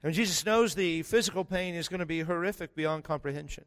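A male pastor preaching a sermon with emphatic delivery, dramatic pauses and quiet, intense stretches. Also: fairly high pitch.

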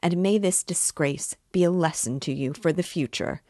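A woman reading aloud and voicing a pompous, self-righteous middle-aged man who talks down to others and turns shrill when accused. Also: normal speed, warm tone, no room sound, studio quality, lightly acted. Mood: condescending. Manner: condescending, wordy, later shrill and indignant.

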